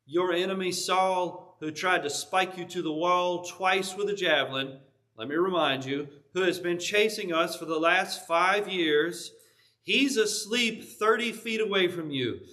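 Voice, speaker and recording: A desperate soldier , as a man preaching puts him on, begs his commander in a high, piercing voice that keeps climbing. He sounds frantic and worn out from running, and his pleas break into shouts. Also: measured pace. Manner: frantic, pleading, rising to shouts. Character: desperate male soldier begging his leader to kill.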